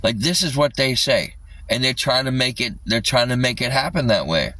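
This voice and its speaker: A man's voice: mid-range voice, lively intonation, moderate pace, pushed and bright, dry recording. A man livestreaming an agitated rant, swearing constantly, with his voice a little distant from the mic.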